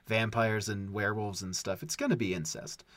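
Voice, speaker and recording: A man's voice: fairly low pitch, steady tone, normal speed, a bit bright, no echo. A man co-hosting a casual podcast who talks playfully and teases his co-host. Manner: playful, wry, teasing.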